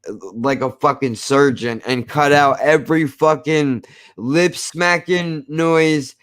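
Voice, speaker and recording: A man's voice: fairly high pitch, fairly even intonation, slow, a bit bright. A man from New Jersey hosting a podcast, ranting emphatically in casual chat, repeating himself and swearing. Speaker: podcast host.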